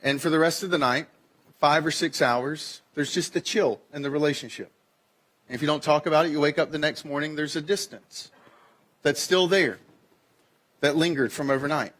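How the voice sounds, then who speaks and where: Conversational male pastor, slightly high voice. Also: moderate pace. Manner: conversational, acts out quoted exchanges with sharp pitch jumps. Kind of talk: sermon. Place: church sanctuary.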